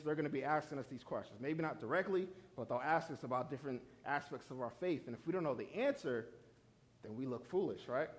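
A young adult man giving a lively, conversational sermon as a youth pastor, often checking in with "right?". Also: medium pitch.

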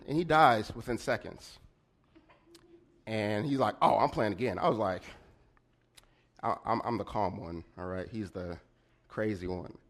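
A young man doing a stand-up set, telling a personal story to the crowd. He talks in a chatty way, keeps checking in with the audience and acts out a brother's outbursts with loud sudden bursts. His voice sits at an ordinary pitch for a man. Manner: chatty, addresses the audience with frequent "all right?". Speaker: stand-up comedian.

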